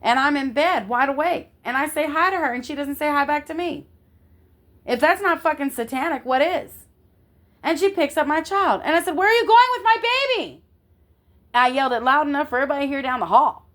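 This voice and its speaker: A woman's voice: high voice, a little fast, a bit bright. This woman speaks with force and indignation as she tells a story from her own life in casual talk. She swears now and then and keeps checking that the listener follows her. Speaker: vlogger telling a personal story.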